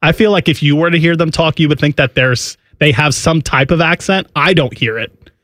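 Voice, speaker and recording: A man from Ohio co-hosting a podcast, chatting casually in a relaxed, rambling, self-deprecating way. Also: on the high side, a little fast, no room sound, studio quality. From Ohio, United States. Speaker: podcast co-host. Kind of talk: casual chat.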